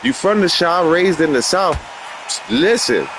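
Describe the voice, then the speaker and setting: A man hosting a gaming livestream, with rambling, slangy, excitable trash talk as he comments casually. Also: sits high, measured pace, background noise.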